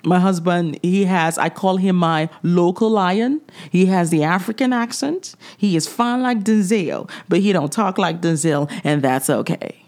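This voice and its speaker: A middle-aged woman hosts a faith-based podcast, speaking in a direct, preachy way with chuckling asides. Her voice is on the low side and darkish, at a measured pace with few pauses.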